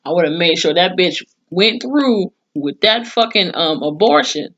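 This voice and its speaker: A woman's voice: lowish voice, expressive, unhurried, fairly bright tone, highs cut off. A woman recapping a TV episode in a casual vlog, blunt and profane, acting out the characters' lines with mock quotes. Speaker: TV show reviewer.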